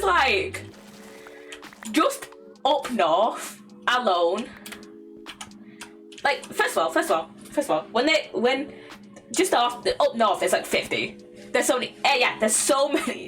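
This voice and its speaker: A woman's voice: fairly high pitch, fairly bright tone. A young woman from England with an English accent, chatting casually on a live stream, rambling with many fillers, repeats, laughs and swearing.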